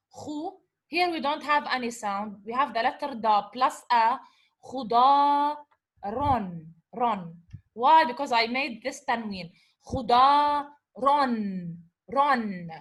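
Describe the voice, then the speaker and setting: A woman's voice: a little high, moderate pace, fairly bright tone. A woman teaching an Arabic revision lesson, patiently sounding out words syllable by syllable. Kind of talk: revision lecture.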